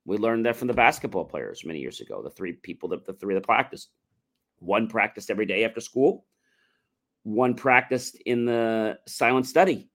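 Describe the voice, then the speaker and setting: A man's voice: on the low side, animated, normal speed, a bit bright. Man coaching with repeated self-talk phrases. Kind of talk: motivational talk-show explanation.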